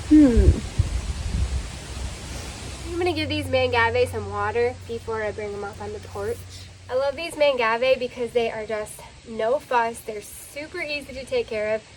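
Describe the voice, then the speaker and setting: A woman's voice: sits high, slight background noise, poor audio. Chatty woman vlogging outdoors. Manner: chatty, enthusiastic, talks straight to viewers. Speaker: home and garden vlogger. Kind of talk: casual vlog narration. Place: outdoors on a home deck and porch.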